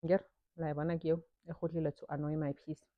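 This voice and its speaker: A woman's voice: sits low, little pitch movement, quick pace, no echo, muffled recording. A South African woman chatting casually while doing her makeup, mixing English with local-language phrases as she talks about motherhood. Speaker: vlogger and mother. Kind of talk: casual get-ready-with-me chat.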